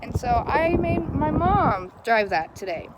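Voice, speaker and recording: A woman's voice: high voice, big pitch swings, unhurried, very noisy. A young woman telling a story in a casual vlog, chatty and frustrated, laughing often, filming on a phone outdoors in the cold. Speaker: vlogger.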